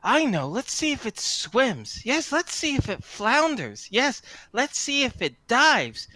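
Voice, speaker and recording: A man voicing a swarm of tiny, mischievous fairies who taunt in high, squeaky broken speech. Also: huge pitch swings, slow pace, pushed and bright, no room sound, full character voice. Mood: gleeful.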